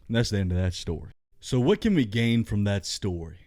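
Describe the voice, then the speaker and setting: A man's voice: on the low side, very animated, brisk, a little mellow. A man telling a comic story and ranting bluntly, with profanity. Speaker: comedic vlogger.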